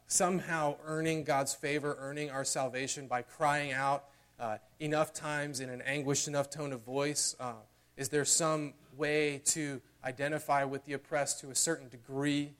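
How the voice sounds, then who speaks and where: A man preaching a sermon in a church, earnest, building louder and higher toward emotional peaks. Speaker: pastor.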